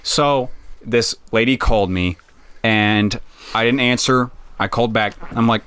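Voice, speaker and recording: A man co-hosting a podcast, telling a story in casual, animated chat. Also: mid-range voice, unhurried, clean tone. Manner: storytelling, puts on voices mid-story. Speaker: podcast co-host.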